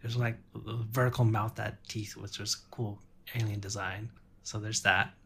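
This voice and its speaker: A man's voice: on the low side, flat delivery, normal speed, creaky, sharp tone, a little hiss or hum. A man co-hosting a casual podcast chat, adding wry joking asides. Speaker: podcast co-host.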